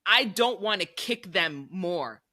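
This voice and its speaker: A woman's voice: lowish voice, slow. A woman in her forties co-hosting a casual chat, telling stories with acted-out quotes and frequent laughter. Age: 40s. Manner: animated storytelling, acts out quotes, laughs often. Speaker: co-host.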